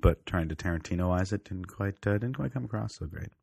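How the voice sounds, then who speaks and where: A man with a very low, deep voice talks loosely about movies as a podcast co-host. He rambles and corrects himself mid-sentence. The sound is dry and close, with no room echo. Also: a little fast, creaky, darkish tone, breathy edge. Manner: rambling, self-correcting, with frequent restarts. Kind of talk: casual film chat.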